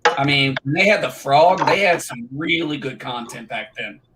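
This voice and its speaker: A man's voice: medium pitch, expressive, moderate pace, sharp tone, slight background noise, poor audio. A man in a casual live chat, talking in a chatty, emphatic way. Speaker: chat show panelist. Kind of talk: casual chat about old TV shows.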